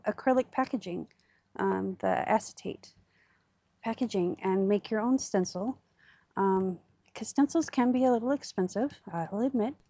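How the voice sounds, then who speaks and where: A woman's voice: mid-range voice, dark tone, dry recording. A woman hosting a crafting livestream, chatting casually and thinking aloud with fillers as she works.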